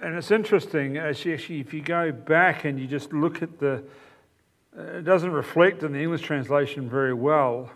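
A man's voice: fairly high pitch, fairly quick. A man preaching a sermon, explaining a passage with emphatic, repeated phrases.

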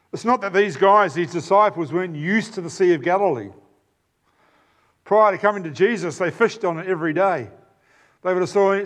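Speaking with a high voice and a New Zealand accent, a man delivers a conversational sermon. He hesitates with fillers and makes asides to the congregation.

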